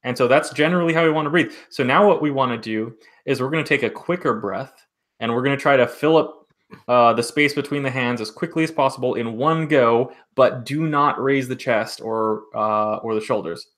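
A man acting as vocal coach, calmly guiding listeners step by step through a breathing exercise. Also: medium pitch, a little fast. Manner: calm step-by-step instruction.

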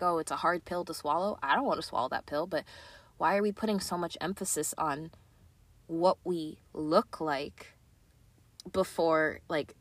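A woman's voice: on the low side, a bit bright, no echo. A young woman hosting a podcast, talking earnestly and casually with lots of "like" and "right?". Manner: earnest, chatty, many "like" and "right?" fillers. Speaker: podcast host. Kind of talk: casual confessional chat.

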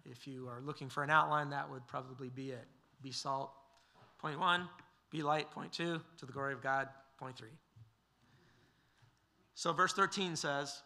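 A man preaching an expository sermon, measured and emphatic, with the occasional filler. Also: a little high, creaky, bright, forceful tone. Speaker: pastor.

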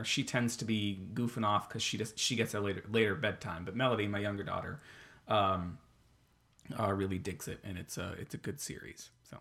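A man's voice: on the low side, sharp tone. A man and father, co-hosting a casual podcast chat and rambling with many fillers and restarts. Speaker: podcast co-host.

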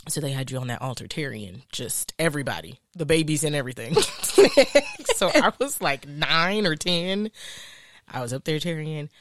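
A woman's voice: deep voice, lively intonation, moderate pace, fairly bright tone, dry recording. A woman co-hosting a casual chat podcast, telling stories playfully and laughing often. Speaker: podcast co-host.

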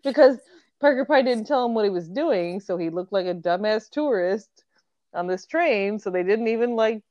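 Woman, casual chat, relaxed and slangy, lo-fi dry recording. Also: medium pitch, no echo. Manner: laid-back, slangy, quick interjections. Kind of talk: casual chat retelling a story.

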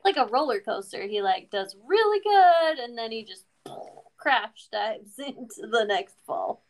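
A woman co-hosting a podcast, chatting casually and asking quick questions. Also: a little high, very animated. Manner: responsive, short interjections and questions. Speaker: podcast co-host. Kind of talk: casual chat.

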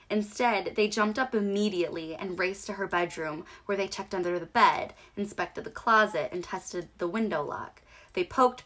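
A woman's voice: medium pitch, fairly bright tone. A woman co-hosting a podcast, reading a short horror story aloud in a casual, giggly way. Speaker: podcast co-host.

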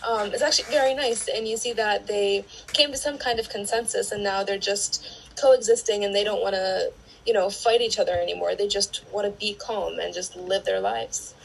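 A woman guest on a podcast, giving thoughtful views on a film with frequent filler pauses. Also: mid-range voice, fairly even intonation, gravelly, a little hiss or hum, low-quality recording. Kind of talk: casual film discussion.

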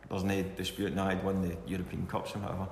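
A man's voice: sits low, little pitch movement, fast, creaky, darkish tone. A middle-aged Scottish man, a former footballer, telling rambling anecdotes in a casual interview and chuckling now and then. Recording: echoey room with long reverb, faint hiss.

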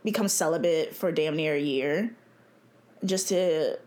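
A woman's voice: low voice, a little slow, a little mellow. A young woman, hosting her own podcast in a blunt, chatty way and laughing often. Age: 20s. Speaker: podcast host. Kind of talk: casual solo podcast talk.

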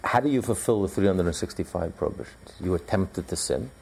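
Low gravelly male Torah teacher. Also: animated, fairly quick, a little mellow, a little hiss or hum. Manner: emphatic, repetitive, conversational with fillers. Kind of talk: recorded Torah class.

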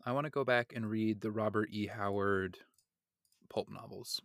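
A man co-hosting a comic podcast, an animated and joking storyteller with crude humor. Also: on the low side, moderate pace, gravelly, no echo, clean studio sound. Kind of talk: casual podcast banter.

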